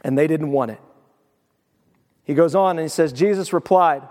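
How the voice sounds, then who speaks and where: A man's voice: fairly high pitch, moderate pace, darkish tone, in a large hall. A male pastor preaching a sermon in an emphatic, conversational way with casual asides.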